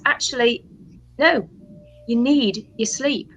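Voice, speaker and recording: A woman's voice: high voice, unhurried, pauses often, a bit bright, muffled recording. A British woman, a hypnotherapist guest, talking casually, chatty with frequent laughs and restarts. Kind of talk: casual chat.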